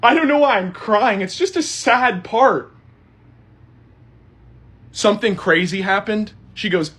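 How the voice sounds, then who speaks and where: A man's voice: sits high, unhurried, long pauses, a bit bright, husky. A man doing a comedic, exasperated rant to camera, with theatrical outbursts. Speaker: social media creator.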